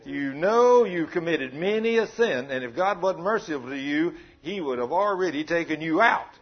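A man's voice: fairly high pitch, lively intonation, normal speed, muffled recording. A man preaching a folksy, humorous sermon full of stories and drawled asides.

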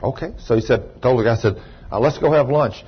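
A man preaching a sermon, telling a long rambling story in a folksy way and breaking into shouts of praise. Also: medium pitch, a little fast, slightly rough. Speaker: pastor. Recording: muffled lo-fi recording.

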